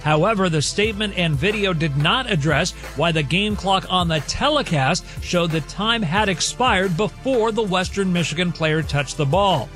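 High-voiced sports news man. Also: lively intonation, a bit bright, soft background music. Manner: brisk, factual reading. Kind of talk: radio sports news update.

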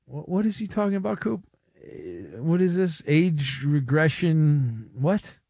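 A man's voice: a little high, very animated, measured pace, darkish tone, slightly rough, no echo, clean studio sound. A man hosting a late-night sports talk radio show, wry and teasing, with rambling asides. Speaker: radio host. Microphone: studio microphone.

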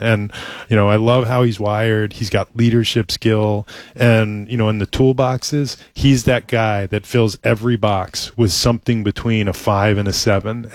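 A middle-aged man speaks with a somewhat low voice in a relaxed interview, earnest and halting. He circles back through restarts and frequent "you know"s as he talks shop like a team executive. The sound is dry and close, with no room around it. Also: dry recording. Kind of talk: casual interview talk.

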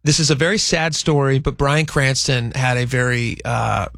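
A man with a gravelly edge to his mid-pitched voice, talking through news items in a relaxed, conversational way. The sound is close and dry, with no room around it. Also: no echo. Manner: conversational, thinks aloud, reads a statement aloud slowly. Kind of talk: casual news chat.

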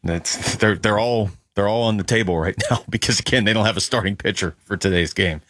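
A man's voice: fairly low pitch, brisk, fairly bright tone, no room sound, clean studio sound. A man co-hosting a sports radio show, breaking down a team's troubles in an analytical, joking way. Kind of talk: sports talk radio banter.

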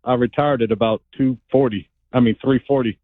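A man's voice: mid-range voice, fairly even intonation, brisk, no room sound. A man, a former pro football player and analyst, calling in and telling stories in a laid-back way. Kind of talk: casual phone-in interview. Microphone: phone line. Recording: tinny phone line.

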